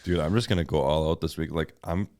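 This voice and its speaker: A young man from Wisconsin co-hosts a podcast in a very deep, slightly mellow voice, speaking quickly with no echo. He chats casually, jokes around, and says "dude" a lot.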